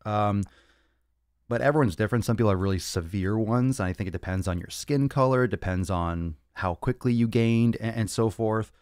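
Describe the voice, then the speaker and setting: A man's voice: fairly low pitch, brisk, a little mellow, smooth, no echo, studio quality. Brash, profane man hosting a livestream. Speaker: fitness podcast host. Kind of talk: casual livestream Q&A. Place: home studio with monitors and cameras.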